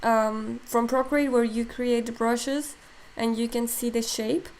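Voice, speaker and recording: A digital sculpting instructor runs a live tutorial stream, speaking a little slowly in a slightly high, steady, mellow voice. She thinks aloud with many fillers and reads chat comments, her voice sounding strained and tired.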